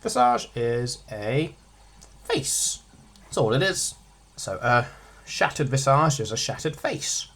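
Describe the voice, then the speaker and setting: A man's voice: mid-range voice, expressive, slow, a bit bright. A man giving a casual revision lesson as a tutor, chatty, with jokey asides, stressing single words.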